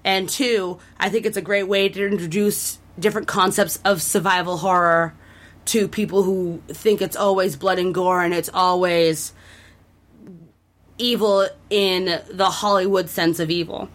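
A woman's voice: on the low side, fairly even intonation, a little slow. Chatty woman rambling through a game recap. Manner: rambling, enthusiastic, many fillers and restarts. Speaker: podcast co-host. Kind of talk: casual chat about a video game.

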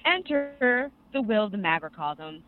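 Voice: mid-range voice, measured pace. Rambling young podcast co-host, tinny sound. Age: young adult. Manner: rambling, excitable storytelling with many fillers. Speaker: co-host reviewing anime. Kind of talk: casual podcast chat.

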